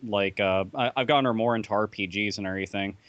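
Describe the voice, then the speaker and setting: A man's voice: lowish voice, fast, fairly bright tone, no echo, dull audio. A man chatting casually on a podcast, rambling and profane, with lots of fillers and restarts. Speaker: podcast panelist. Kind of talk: casual chat.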